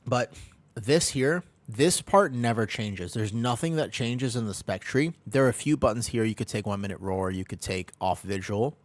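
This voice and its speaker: A man's voice: medium pitch, moderate pace, dry recording. Upbeat Midwestern man streaming games. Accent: American Midwestern. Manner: upbeat, joking, often laughing, chatting with viewers. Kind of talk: casual live-stream chat while gaming.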